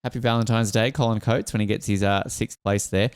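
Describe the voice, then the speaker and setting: A man's voice: lowish voice, steady tone, brisk, smooth, no echo. A man hosting a casual sports podcast, rambling and jokey, laughing often. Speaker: podcast host.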